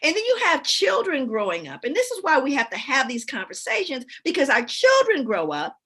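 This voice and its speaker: Here a middle-aged educator and speaker chats in a high voice at a fairly quick pace, an animated storyteller who often breaks into laughter. Between stories she reads aloud from books, stressing the words with emphasis.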